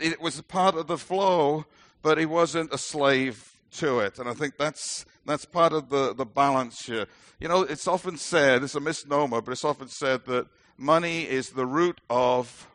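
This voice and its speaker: A man's voice: on the high side, fairly bright tone, no room sound. A middle-aged man with a British accent preaching a sermon as a minister, earnest and emphatic with light self-deprecating humor.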